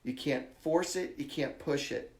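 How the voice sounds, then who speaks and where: A man hosts a live psychic reading and talks to his viewers in a chatty, blunt way. His voice sits at an ordinary middle pitch. The sound is roomy and echoey. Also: unhurried, gravelly, darkish tone. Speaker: psychic medium host. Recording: echoey room.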